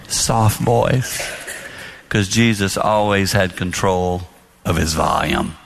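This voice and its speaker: A man giving a marriage talk to an audience, telling stories and acting out dialogue in soft voices. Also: low voice, slow, creaky. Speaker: marriage speaker.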